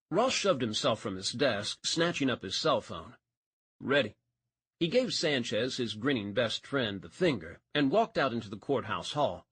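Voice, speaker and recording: A man's voice: mid-range voice, a bit bright, breathy edge, no room sound. A man narrating a romance audiobook, reading expressively and changing voice for each character.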